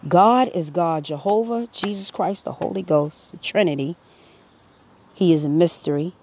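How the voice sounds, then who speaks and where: A woman's voice: lowish voice, moderate pace, darkish tone, breathy edge. Earnest woman preaching to camera. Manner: earnest, preachy, rising to emphatic. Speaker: vlogger. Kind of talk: impassioned personal commentary.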